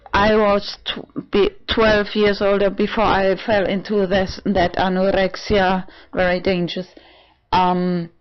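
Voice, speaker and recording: In her apartment, a slightly drunk vlogger talks about herself in a slow, meandering way, stumbling through fillers and false starts. Sudden shrill, sarcastic bursts in a high voice punctuate the monologue, which is captured on a dull, low-fidelity home setup.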